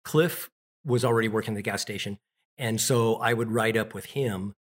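A man's voice: fairly low pitch, steady tone, moderate pace. A middle-aged man telling childhood stories in an interview, rambling with restarts and fillers. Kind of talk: casual storytelling.

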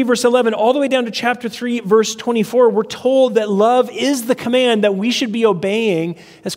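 A male pastor with a notably high voice delivers a verse-by-verse sermon in a church sanctuary. He teaches methodically, often repeating key phrases to drive them home. His voice rings out with a long hall reverb. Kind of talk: expository sermon.

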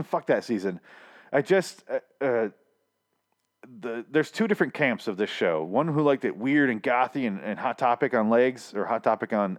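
A young man casually recapping a TV episode, swearing freely and acting out the characters' lines. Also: medium pitch. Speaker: TV recap vlogger.

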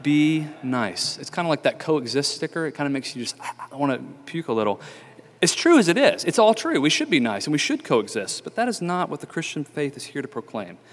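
A man's voice: on the high side, very animated, fast talker, hardly any pauses, a little hiss or hum. Male pastor, chatty sermon delivery, lots of ums, echoing church hall. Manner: conversational, many fillers and restarts. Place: church sanctuary.

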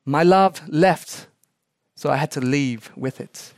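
A glamorous celebrity woman who speaks softly and dreamily, as a man puts her on. Her lines come out slow and hushed, in a dry close sound. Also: fairly high pitch, no echo, voice pushed down. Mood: dreamy. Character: soft-spoken glamorous celebrity bride, woman.

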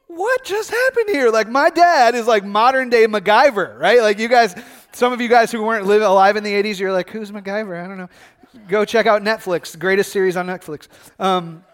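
A man's voice: high voice, clear, resonant tone. A middle-aged man from Michigan, a pastor preaching a sermon in a conversational, storytelling way with frequent fillers and restarts.

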